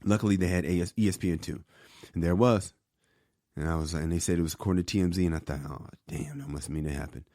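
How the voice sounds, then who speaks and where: A man co-hosting a podcast, telling stories in a casual, animated way and acting out the voices of the people in them. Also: low voice, rapid-fire, no room sound, studio quality. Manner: animated storyteller, acts out voices. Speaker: podcast co-host and comedian. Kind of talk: casual storytelling chat.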